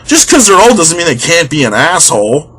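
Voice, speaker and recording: A man's voice: fairly high pitch, big pitch swings, fairly quick, a bit bright, breathy edge. A young man ranting on his vlog, exasperated and sarcastic, swearing freely. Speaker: vlogger. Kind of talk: comedic rant.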